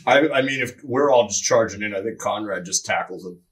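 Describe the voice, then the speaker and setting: A man's voice: fairly low pitch, a little fast, a bit bright, recorded from a distance. A man playing in a tabletop game, talking hesitantly with fillers. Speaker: player.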